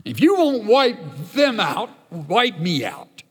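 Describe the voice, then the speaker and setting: A man's voice: sits high, wildly swooping pitch, slow pace, breathy edge, voice pushed up, exaggerated voice. A man voicing an angry, complaining male prophet who sulks and resents. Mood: petulant. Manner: petulant, complaining. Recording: long hall reverb.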